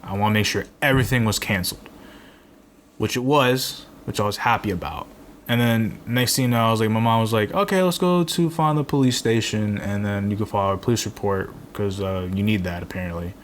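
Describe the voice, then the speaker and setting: A man's voice: fairly low pitch, brisk, a little hiss or hum. A young man in his twenties, co-hosting a podcast and telling a rambling, swear-filled story in casual chat. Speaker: podcast co-host.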